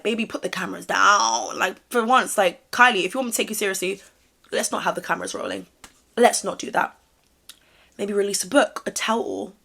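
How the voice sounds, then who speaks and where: A woman commenting to camera in a sassy, direct way, her voice going a little hoarse. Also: mid-range voice, fairly bright tone. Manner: sassy, direct, calls viewer babe. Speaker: commentary vlogger. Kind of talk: casual opinion chat to camera.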